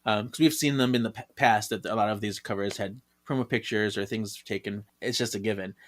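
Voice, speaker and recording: A man's voice: lowish voice, fairly quick. A man co-hosting a podcast in casual chat, chatty and laughing often as he talks. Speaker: podcast co-host.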